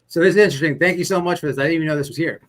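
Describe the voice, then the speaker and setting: A man's voice: a little high, rapid-fire, a bit bright. A man hosting a casual commentary show, talking bluntly and rambling into ranting asides. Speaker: commentary host reacting to a livestream. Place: on a fast-food restaurant's wifi.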